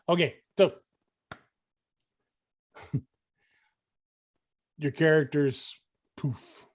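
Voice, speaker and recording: Guy running the game, slow and um-y, a bit high voice. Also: darkish tone. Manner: halting, many fillers, amused. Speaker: game master.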